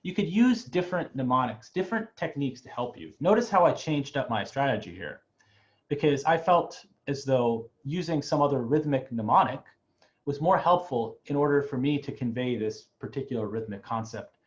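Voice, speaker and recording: A man's voice: medium pitch, lively intonation, moderate pace, dull audio. A man teaching an online music class, talking in a loose, chatty way and often checking in with "right?". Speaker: music professor. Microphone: video call.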